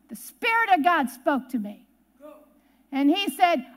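Woman preacher, very high voice, emphatic and folksy, repeats for effect. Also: very animated, unhurried, pauses often. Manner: emphatic, folksy storytelling, repeats key words. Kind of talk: sermon. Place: church service.

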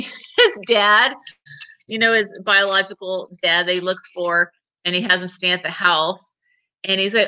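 A woman's voice: medium pitch, fairly even intonation, a little slow, sharp tone, low-quality recording. A middle-aged woman hosting a casual live sale of vintage items, chatty and rambling as she answers viewer comments and laughs often.

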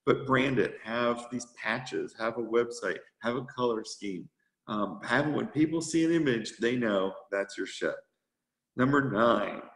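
A man who leads a youth sailing group, giving a brisk, upbeat motivational talk to a meeting. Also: mid-range voice, a bit bright, reverberant, rough recording. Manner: brisk and upbeat, rushing to fit his time. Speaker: sea scout skipper giving a presentation.

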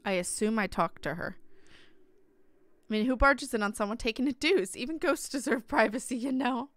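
A woman's voice: fairly high pitch, normal speed, no echo. A young woman casually commenting on a horror game, reading its dialogue aloud and joking as she plays. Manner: playful, reacts and jokes while reading lines. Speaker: let's play gamer.

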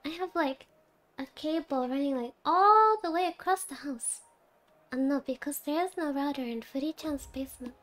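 A woman VTuber chats casually with viewers while gaming, in a high-pitched, slightly bright voice at a moderate pace. She's cutesy and giggly, laughs a lot with chat, and sounds tired and sleepy.

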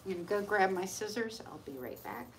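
A woman's voice: medium pitch, expressive, brisk. A woman dog groomer talking casually as she works, chatting and slipping into baby talk with the dog. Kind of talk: casual narration while working. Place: grooming salon. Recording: echoey salon, mic far off, faint noise.

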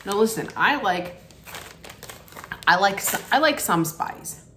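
Slow, chatty woman in a roomy space. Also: mid-range voice, animated, sharp tone, a little hiss or hum. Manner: chatty, candid, thinks aloud while tasting. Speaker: snack unboxing vlogger. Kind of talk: casual unboxing and taste-testing vlog. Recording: roomy echo.

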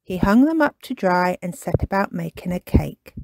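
A woman's voice: on the low side, animated, normal speed, creaky, darkish tone, dry recording. Woman reading a children's story expressively. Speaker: storytime reader.

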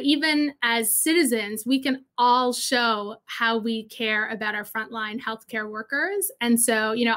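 A woman hosts a livestream interview over a video call. Her voice is slightly high and strongly bright. She asks her questions casually, with plenty of "you know" and "like.". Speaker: host, interviewer.

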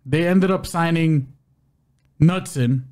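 Guy breaking down a fight card, slightly high voice, joking around, trips on names. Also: takes it slowly, darkish tone. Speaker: co-host of a fight-betting podcast. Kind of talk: casual podcast chat, fight preview.

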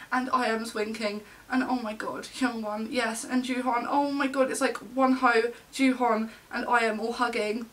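Gushing young woman, bright voice. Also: on the high side, normal speed, far from the mic. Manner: gushing, gasping, breathless fangirl excitement. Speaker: vlogger. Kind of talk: excited album unboxing.

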